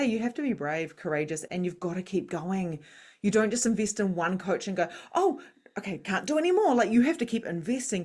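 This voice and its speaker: A woman in her thirties, a spiritual coach and psychic medium, talking candidly in an interview over a video call, animated and jumping between loud quoted voices and soft low asides.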